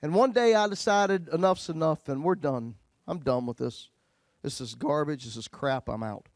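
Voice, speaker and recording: A male pastor telling his own story in a sermon, folksy, swinging between loud bursts and hushed lines. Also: a little high, moderate pace, dry recording.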